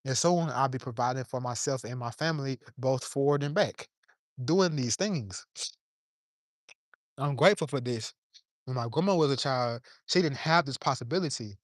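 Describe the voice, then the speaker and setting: A man's voice: medium pitch, moderate pace, no echo, clean studio sound. Fervent, cursing man preaching outdoors. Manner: fervent, profane, preachy street talk. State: a little under the weather. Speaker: vlogger. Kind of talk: impassioned monologue to camera. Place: outdoors in his yard.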